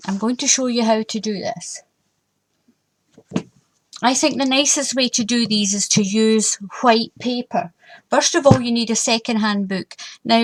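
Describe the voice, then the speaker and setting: An older woman, hosting a casual craft tutorial in a chatty way and repeating warnings with emphasis. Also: on the high side.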